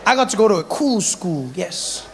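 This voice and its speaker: A man doing stand-up comedy, telling stories in an animated way. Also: sits high, moderate pace, creaky, slight background noise. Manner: animated storytelling, switching into voices. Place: comedy stage before a live audience.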